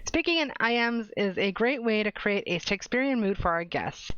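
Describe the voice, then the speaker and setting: A woman's voice: medium pitch, expressive, normal speed, few pauses, fairly bright tone, clear, resonant tone, no room sound. A young adult woman streamer chatting casually and reading game papers aloud, stumbling and correcting herself as she goes. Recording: dull, dry lo-fi stream audio.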